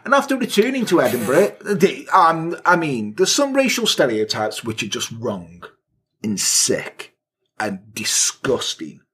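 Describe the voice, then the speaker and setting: A man co-hosting a comedy podcast, telling a historical crime story with crude, sarcastic asides. His voice is husky and moves a lot in pitch. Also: huge pitch swings, measured pace, fairly bright tone. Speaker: podcast co-host.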